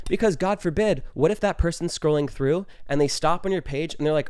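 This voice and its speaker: A man's voice: on the high side, fairly quick, few pauses, darkish tone, dry recording, studio quality. A young man hosting a podcast, giving dating advice in a chatty, casual way, full of "like" and breaking into the odd sweary rant. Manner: chatty, heavy use of "like", swears when ranting. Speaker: podcast host.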